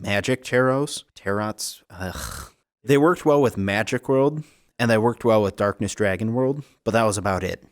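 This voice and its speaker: A man's voice: fairly low pitch, no room sound, clean studio sound. A man co-hosting a casual card game podcast, chatty and upbeat, laughing often and stumbling over words now and then. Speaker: co-host.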